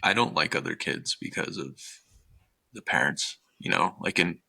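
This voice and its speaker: A man's voice: low-pitched, lively intonation, normal speed, creaky, sharp tone, husky. A man co-hosting a casual podcast, teasing and swearing as he talks.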